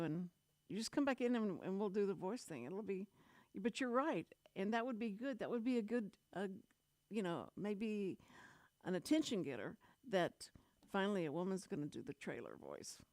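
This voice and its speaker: A woman's voice: medium pitch, animated, normal speed, darkish tone, no room sound. A middle-aged woman with a Texan accent, hosting a radio chat show and telling stories in a rambling way with many restarts. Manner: rambling, restarts often, storytelling. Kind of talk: casual on-air chat. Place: radio studio.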